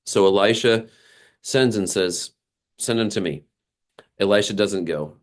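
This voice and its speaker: A man preaching a sermon, animated and acting out the people he quotes, with frequent small laughs. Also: on the low side, unhurried. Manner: animated, acts out quoted characters, laughs often. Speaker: pastor.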